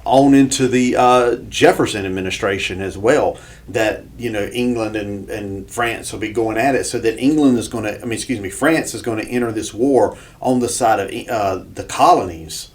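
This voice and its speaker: A man's voice: on the low side, normal speed, hardly any pauses. A man co-hosting a history podcast, reading old documents aloud and explaining them with asides. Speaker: podcast co-host. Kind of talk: casual history discussion, reading quotes aloud.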